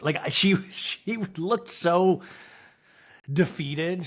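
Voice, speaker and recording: Man from Kansas, podcast host, fairly high voice, lively reality TV recap, mock voices for the cast. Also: extremely slow, pauses often. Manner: animated, laughing, acts out cast members' lines in mock voices.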